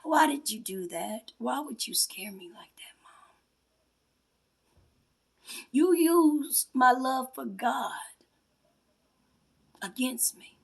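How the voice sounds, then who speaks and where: High-voiced woman confronting her mother. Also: animated, slow pace, creaky, long pauses, husky. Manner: confrontational, swings between hushed whispers and raised accusing voice. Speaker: self-styled spiritual priestess. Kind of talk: emotional personal testimony addressed to her mother.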